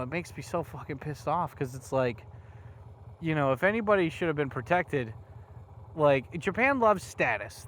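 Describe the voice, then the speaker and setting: A man records a casual riding vlog on city streets, his rambling rant full of curses. His voice sits a little higher than most men's. A faint hum of traffic runs behind him. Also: fairly bright tone. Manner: rambling, heavy swearing, angry. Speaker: motovlogger. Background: faint traffic noise.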